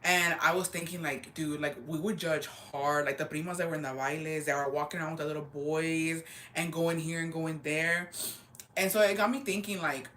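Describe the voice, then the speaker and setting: A woman in her twenties chatting casually on a livestream, slangy and animated, dropping Spanish words into her storytelling. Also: low voice, normal speed. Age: 20s. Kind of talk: casual chat.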